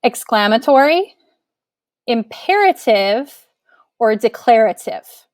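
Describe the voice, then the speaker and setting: A woman teacher with a fairly high voice explains a grammar lesson clearly and patiently. Each point gets a spoken example. She is recorded close on a dry mic with no room sound. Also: sing-song, slow, no room sound.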